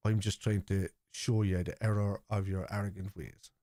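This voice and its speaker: Low, mellow-voiced blunt football streamer. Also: male voice, steady tone, normal speed, no room sound, studio quality. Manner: blunt and opinionated, sweary, repeats points. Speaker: host of a football watchalong stream. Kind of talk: casual live commentary and chat.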